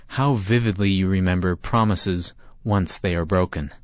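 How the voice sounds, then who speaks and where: A man reading a story aloud in scripted narration, with a measured, reflective delivery. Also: low-pitched, dry recording. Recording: dull lo-fi dry recording.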